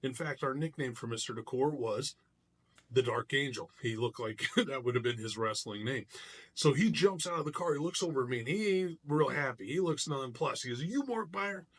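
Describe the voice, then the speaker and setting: A middle-aged man, a martial artist, telling a personal story in a casual vlog, animated and loose with frequent restarts. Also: mid-range voice, normal speed, slightly rough.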